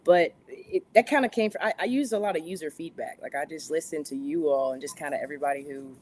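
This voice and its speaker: A woman's voice: low voice, quick pace, a little mellow, a little hiss or hum. A woman guest explaining her product in a chatty, eager way, laughing easily. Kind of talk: casual interview answers.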